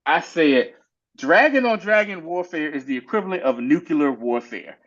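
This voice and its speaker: A man casually recapping a TV episode with a co-host, animated and slangy, acting out the characters' lines in quick little voices. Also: fairly high pitch, dull audio. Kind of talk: casual chat.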